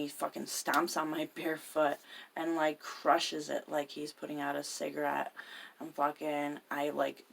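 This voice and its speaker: A woman's voice: sits low, creaky. A woman hosting a podcast, telling a personal story in a profane, emphatic way. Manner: profane, emphatic, swears constantly. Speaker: podcast host.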